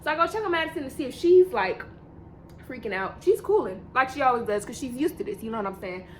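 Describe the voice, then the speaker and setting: A woman's voice: high voice, sing-song, quick pace, slight background noise. A young woman telling a rambling, slang-filled story in a casual storytime vlog, often repeating herself. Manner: rambling, repetitive slang-heavy storytelling with laughs.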